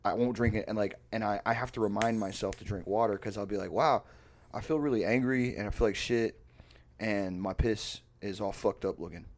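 A man co-hosting a casual podcast, telling a story with lots of swearing and getting loud when he acts out other people. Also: on the low side, brisk. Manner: animated storyteller, swears freely, gets loud acting out others. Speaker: podcast co-host. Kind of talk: casual chat.

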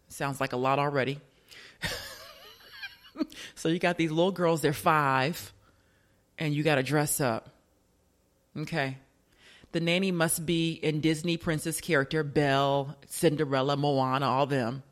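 A radio show host in casual commentary, chatty and joking, firing off rhetorical questions. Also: mid-range voice.

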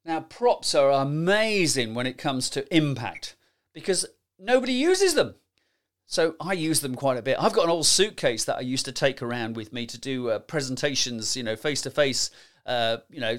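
A middle-aged man gives lively, emphatic podcast advice on presenting, often tagging his points with rhetorical questions. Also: on the high side. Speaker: presentation skills coach. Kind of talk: solo podcast advice talk.

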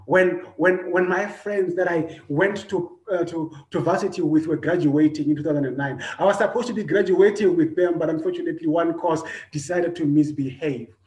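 A man, preaching a personal sermon, earnest, repeating his phrases, swinging between loud and soft. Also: on the high side, moderate pace, few pauses. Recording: echoey room.

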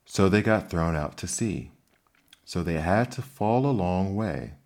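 A man's voice: deep voice, animated, unhurried, darkish tone. A man voicing a solemn, matter-of-fact male gryphon in an ASMR bedtime story reading.

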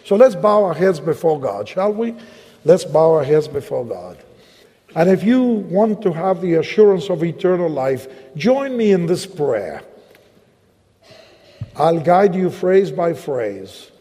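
Man, Latin American accent, evangelist preacher, storytelling sermon, warm mellow tone, reverberant hall. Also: on the high side, very animated, slightly rough. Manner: storytelling, acts out both sides of dialogue, slows for prayer. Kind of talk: sermon with personal story and altar-call prayer.

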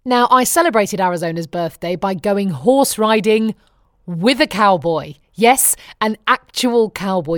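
A woman's voice: medium pitch, no echo, clean studio sound. Wry middle-aged British woman storyteller. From Britain. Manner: wry, chatty storytelling with frequent laughs. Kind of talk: chatty personal diary monologue.

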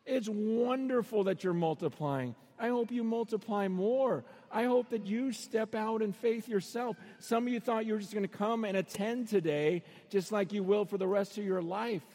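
High-voiced man preaching in an echoing arena. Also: moderate pace, few pauses. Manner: storytelling, acting out voices with sudden shouts. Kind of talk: sermon. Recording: long reverb of a large arena.

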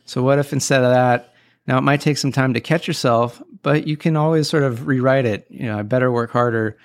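A man's voice: mid-range voice, fairly even intonation, brisk. A man hosting a podcast, talking casually and giving upbeat, encouraging self-help advice with a playful touch. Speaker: podcast host.

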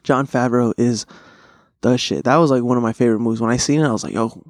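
This young solo podcaster talks quickly at a medium pitch, spinning casual, rambling food tales loaded with slang and swearing. The close-miked studio sound is clean with no echo.

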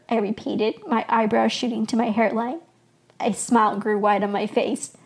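A woman's voice: fairly high pitch, fairly even intonation, normal speed, darkish tone, breathy edge. A woman podcast host reading her own story aloud as scripted narration.

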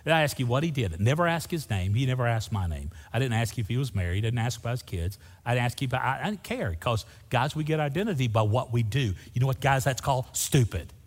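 A man's voice: mid-range voice, expressive, fast talker, hardly any pauses. A man preaching a sermon as pastor, folksy and humorous, saying "y'all" to his congregation. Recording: long hall reverb.

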